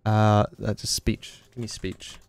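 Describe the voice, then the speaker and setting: A man's voice: on the low side, monotone, a little slow, vocal fry, a little mellow, dry recording, soft background music. A man with a Yorkshire accent, a gaming YouTuber chatting loosely and swearing as he sets up a voice changer. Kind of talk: casual gaming commentary.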